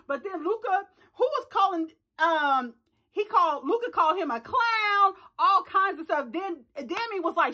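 A woman recapping a reality show in casual chat, animated and slangy, acting out bits of dialogue with loud exclamations and quick asides. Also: extremely high pitch. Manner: slangy, playful reenactments of dialogue. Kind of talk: casual reaction chat to camera.

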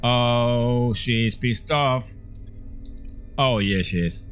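A man's voice: medium pitch, extremely slow, soft background music. A man commentating as he plays a horror game, jumpy and full of exclamations, often calling out to his viewers. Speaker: horror game let's-player.

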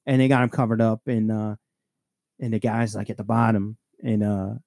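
A man's voice: on the low side, moderate pace, no echo. Casual cop-podcast man, curses freely, dry close mic. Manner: profane, laughing, animated storyteller. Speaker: podcast co-host, police sergeant. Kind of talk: casual storytelling chat.

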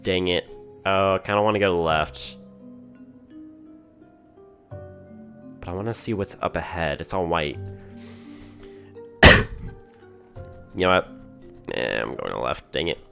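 A man doing excitable commentary on a video game, reacting aloud with exclamations as he plays. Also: low-pitched, measured pace, vocal fry, long pauses, faint music behind. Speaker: let's-play gamer.

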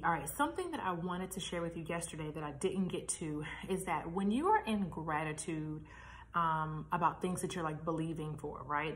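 Chatty woman vlogger, lowish voice. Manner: chatty, animated, laughs at herself. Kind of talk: casual motivational vlog. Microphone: camera mic, reading notes.

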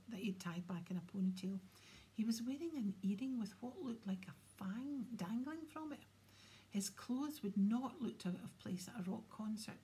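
A woman reading a children's novel aloud in a soft, half-whispered storytelling manner. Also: medium pitch, husky. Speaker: audiobook reader. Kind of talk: storybook narration.

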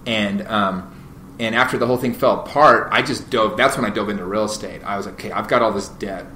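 Bright-voiced man telling rambling stories. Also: lowish voice, fairly quick. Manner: animated, rambling, many fillers and restarts. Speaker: podcast guest, real estate agent. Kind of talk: casual interview storytelling. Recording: roomy echo, faint noise.

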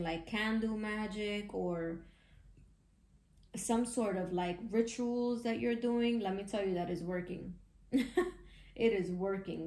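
A woman giving a casual tarot reading, chatty and excitable, with slangy talk and frequent laughs. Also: mid-range voice, reverberant. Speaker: tarot reader.

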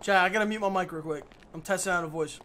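A high-pitched male streamer, talking in loose, profane chatter. Game noise sits clearly behind his voice, which stays restless and quick to laugh. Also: pushed and bright. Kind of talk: casual gaming stream chatter.

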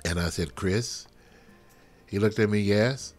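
A man leading a live prophetic prayer over a livestream, fervent and swinging from soft murmurs to loud exclamations. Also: fairly low pitch, slow, soft background music. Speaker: pastor. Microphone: livestream webcam.

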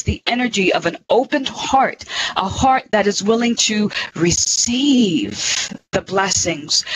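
A woman's voice: medium pitch, rough recording. Woman guest on spiritual radio, earnest and emphatic, crowd murmur behind.

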